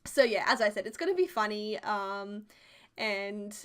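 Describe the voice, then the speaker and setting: A woman's voice: medium pitch, lively intonation, a little slow, clear, resonant tone. A young Australian woman in her twenties, telling rambling, giggly stories in a casual voiceover chat. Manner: chatty, rambling, giggly storytelling. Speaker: YouTuber.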